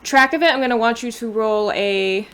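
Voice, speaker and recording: A woman game master with a slightly high voice narrates a tabletop game. She sets the scene loosely, piling on detail as she goes. She is heard on a home mic over a voice call. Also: normal speed, a bit bright, clear, resonant tone. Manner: loose, descriptive scene-setting.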